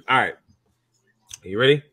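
Husky-voiced man reading aloud on a podcast. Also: lowish voice, fairly bright tone, dry recording. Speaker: podcast co-host.

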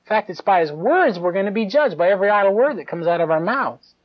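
Animated man preaching on dull tape. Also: sits high, quick pace. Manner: animated, conversational preaching with mocking asides and chuckles. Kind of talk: live sermon.

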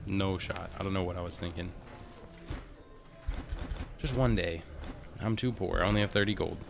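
A man's voice: low-pitched, moderate pace, creaky, soft background music. A man giving casual, chatty commentary over his own gameplay, talking to himself and the game as he plays. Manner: chatty, talks to himself and the game, frequent restarts. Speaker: let's play host.

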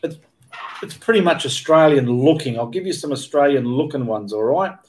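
A man with a fairly high voice talks at a normal speed as he runs an informal livestream Q&A for his painting channel. He reads viewers' comments aloud and replies in a rambling manner, often halting mid-sentence to fix what he just said.

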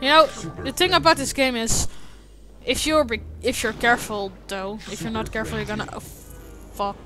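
High, bright-voiced swearing gamer woman. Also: fairly even intonation, moderate pace, faint music behind. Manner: swears a lot, with frequent shouted frustrated outbursts. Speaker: gaming video host. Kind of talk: let's play commentary.

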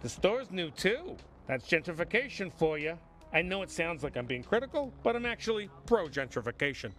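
A man's voice: sits high, very animated, fairly quick, fairly bright tone, soft background music. A man voicing a sardonic slum resident in a video game, rambling wryly. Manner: wry, rambling commentary.

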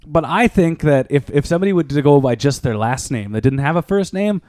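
A man's voice: on the high side, animated, fairly quick, darkish tone, no room sound, studio quality. A man co-hosting a podcast, joking and leading topics in casual hockey chat. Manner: joking, laughs often, leads segments. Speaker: podcast co-host.

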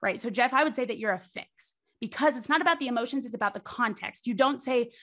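A woman's voice: on the high side, quick pace, a bit bright. A woman, a podcast guest, explaining with animation and tagging her points with "right?". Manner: acts out quoted voices. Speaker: podcast guest, charisma coach. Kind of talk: explanatory interview talk.

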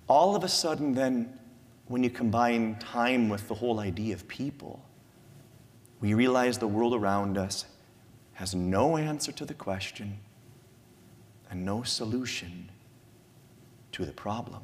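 A middle-aged man preaching a sermon as pastor, lively with many repeated words and fillers. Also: mid-range voice, unhurried, long pauses. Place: church sanctuary. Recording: long church reverb.

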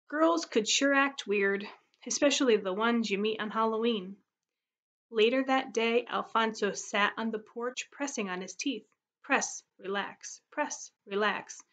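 A woman's voice: a little high, fairly bright tone. Woman teacher reading a story aloud. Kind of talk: classroom read-aloud of a story.

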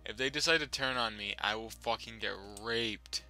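A young man casually commenting over his own gameplay, swearing freely and breaking into loud yelling when things go wrong. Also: mid-range voice, a little fast, hardly any pauses, faint music behind. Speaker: gaming channel host.

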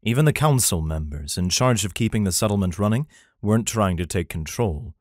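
A man narrating a fantasy romance audiobook in an even, plain storytelling manner. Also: on the low side, a little fast, no room sound, clean studio sound. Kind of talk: scripted narration.

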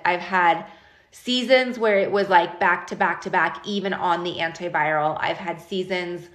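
Woman live-stream host, lowish voice, chatty and animated, echoey room, phone mic. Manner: chatty, animated, talks straight to viewers. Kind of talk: casual live-stream talk.

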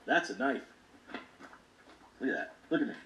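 An actor playing a brash adventurer in a film teaser. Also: male voice, medium pitch, lively intonation, normal speed, reverberant, natural voice. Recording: trailer audio with loud noise.

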